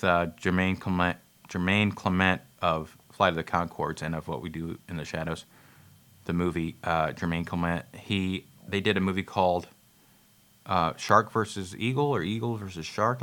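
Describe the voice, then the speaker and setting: A man's voice: low-pitched, bright, forceful tone. A man hosting a podcast, chatting casually about movies with many fillers and restarts. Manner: rambling, lots of fillers and restarts; chuckles now and then. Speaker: podcast host. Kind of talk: casual movie review chat.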